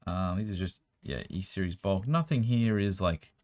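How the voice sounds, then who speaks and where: A young man with a strained, worn-out voice, chatting quickly as he sorts through a card collection at home, with bursts of excitement. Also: low-pitched. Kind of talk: casual running commentary while sorting cards. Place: room at home.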